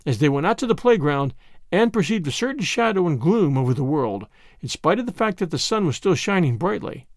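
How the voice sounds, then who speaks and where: A man narrating a storybook in an expressive reading. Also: on the high side, a little fast, dry recording, clean studio sound. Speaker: audiobook narrator. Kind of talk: scripted narration.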